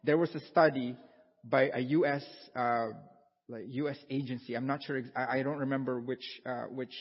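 A man's voice: medium pitch, steady tone, normal speed. A man preaching a casual, conversational sermon, repeating himself and asking his congregation questions. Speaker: pastor. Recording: dull sound with long hall reverb.

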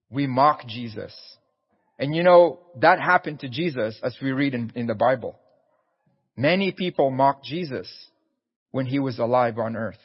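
A man's voice: medium pitch, animated, moderate pace, slightly rough, big-room sound, dull audio. A man preaching a sermon in an earnest, pleading way, often repeating his words.

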